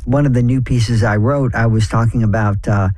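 Brief: male author, 60s, lively raconteur, mellow voice, dry studio sound. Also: no room sound. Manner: animated storyteller, jumps in pitch for emphasis, quick asides. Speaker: author, interview guest. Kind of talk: conversational interview.

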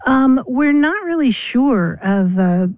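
A woman's voice: high voice, big pitch swings, takes it slowly, a little mellow, no echo. An older woman co-hosting a radio show about language, chatting casually and laughing easily as she explains where words come from. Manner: playful, explains word origins with easy laughter. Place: radio studio. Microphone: studio microphone.

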